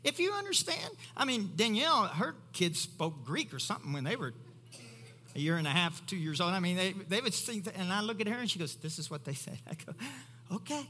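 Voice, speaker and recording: A middle-aged male pastor with a Kentucky accent delivers a sermon in a bright, forceful voice that sits a little high. He drops into quiet asides, then climbs into loud, high exclamations. His voice carries a long reverb from a large hall. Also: lively intonation, fairly quick.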